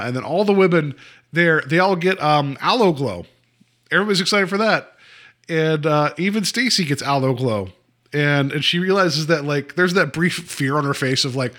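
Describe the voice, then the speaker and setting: A man's voice: a little high, fairly bright tone. A man co-hosting a podcast, chatting casually about a TV episode, rambling with lots of fillers and acting out the characters' lines. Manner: rambling, many fillers, acts out quotes. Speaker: podcast co-host. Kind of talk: casual chat reviewing an episode.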